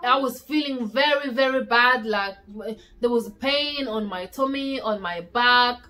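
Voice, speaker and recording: A young woman vlogger telling a personal story at home, casual and animated, repeating words for emphasis. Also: a little high, measured pace.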